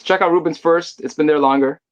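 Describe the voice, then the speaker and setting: A man's voice: a little high, brisk, highs cut off. A man from Quebec with a Québécois French accent, joining as a guest for a joking, argumentative casual chat. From Quebec, Canada.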